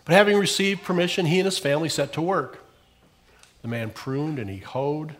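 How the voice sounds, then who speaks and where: A male pastor preaching a sermon in a church, telling a story and pressing hard on key phrases before dropping low at the ends. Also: moderate pace, fairly bright tone.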